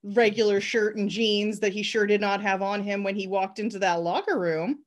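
A woman co-hosting a casual film review chat, sarcastic and animated, acting out scenes in mocking voices. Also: mid-range voice, moderate pace. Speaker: podcast co-host reviewing a film.

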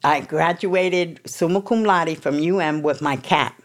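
Low-voiced and measured, a New York woman shares her recovery story before an audience. Her telling is candid, blunt, profane and emotional.

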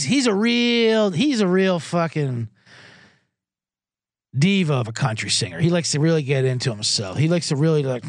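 Man, betting show host, animated swinging pitch, rambling profane live-stream chat, dry close sound. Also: no room sound. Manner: loose, profane and rambling, reading out viewer comments.

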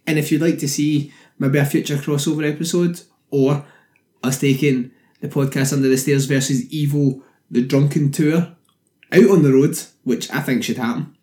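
A man's voice: a little high, fairly even intonation, moderate pace, warm tone. A man co-hosting a podcast, chatting casually with dry, teasing, sweary humor. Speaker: podcast co-host. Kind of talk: casual chat. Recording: roomy echo.

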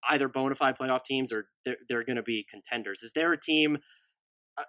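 Brief: male podcast co-host, bright forward tone, dry close sound, runs through lists quickly with asides. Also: medium pitch, no room sound. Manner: rapid-fire roster lists, offhand asides. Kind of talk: casual sports podcast analysis.

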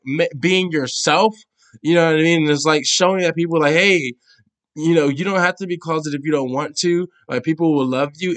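A man's voice: fairly high pitch, a bit bright. A young man hosting a podcast, giving casual news commentary in a chatty, emphatic way, full of fillers, restarts and sassy asides. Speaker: podcast host.

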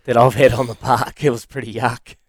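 A man telling a story about an old injury on a casual podcast, with expressive delivery. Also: mid-range voice, brisk, no room sound. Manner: expressive, lively intonation. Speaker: podcast co-host, former player.

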